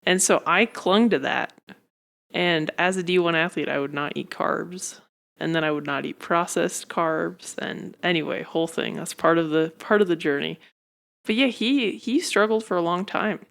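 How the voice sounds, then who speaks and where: A woman's voice: on the low side, normal speed, creaky, fairly bright tone. A woman hosting a casual podcast chat, blunt and teasing toward her co-host. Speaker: podcast host, fitness coach.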